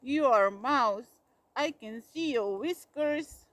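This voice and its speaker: A woman's voice: sits high, expressive, slow, dry recording. A woman reading as a grumpy growling bear. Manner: loud, growling, emphatic. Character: grumpy big male bear, stubborn.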